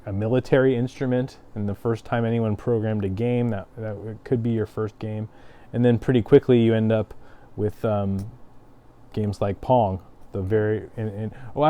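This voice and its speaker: A man's voice: fairly low pitch, warm tone. A man with a Midwestern American accent, chatting casually and thoughtfully in a comic shop as co-host. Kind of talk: casual chat about games and comics.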